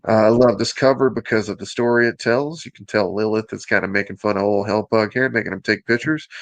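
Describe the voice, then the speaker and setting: A man's voice: mid-range voice, no echo. A man from Alabama with a Southern accent hosting a show, presenting in an upbeat, joking way with teasing asides. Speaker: host.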